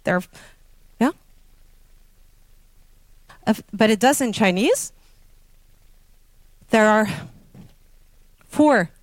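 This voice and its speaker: Woman, Dutch accent, non-native English, informal lecturer; slow, halting delivery full of fillers, dry close sound. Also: medium pitch, no echo. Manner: slow, hesitant, many fillers and self-corrections. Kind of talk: informal talk on linguistics.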